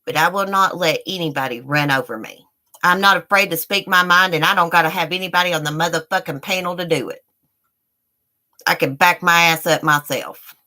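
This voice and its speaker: A woman's voice: lowish voice, brisk, pushed and bright. Fired-up middle-aged woman ranting on stream. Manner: heated, profane, talks straight to viewers. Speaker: YouTube live streamer. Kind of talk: angry live-stream rant.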